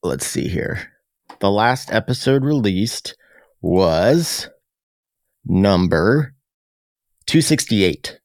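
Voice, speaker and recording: Male podcast host, deep and dry, loose chatty delivery. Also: animated, extremely slow, long pauses, dry recording. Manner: chatty, many fillers and restarts. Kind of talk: casual podcast chat.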